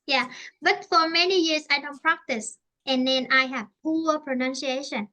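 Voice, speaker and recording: High, bright Vietnamese woman teaching English. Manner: halting, repeats and rephrases often. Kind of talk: online English lesson.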